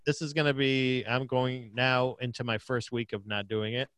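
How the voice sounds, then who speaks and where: A man's voice: mid-range voice, fairly even intonation, moderate pace, fairly bright tone, clean tone, dry recording. A man co-hosting a podcast from Pennsylvania, chatting casually in a loose, profane, joking way. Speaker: podcast co-host. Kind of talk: casual chat.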